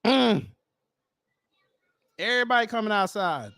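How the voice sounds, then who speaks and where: A man hosting a commentary show, reacting in a mocking, slangy and animated way. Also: high voice, unhurried, vocal fry, no echo.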